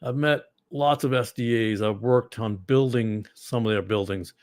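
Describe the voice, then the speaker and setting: A man with a Boston accent hosting a ministry livestream, chatting casually and answering viewers in a rambling, digressive way with sudden loud bursts. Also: medium pitch, measured pace, no room sound, studio quality. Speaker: ministry host.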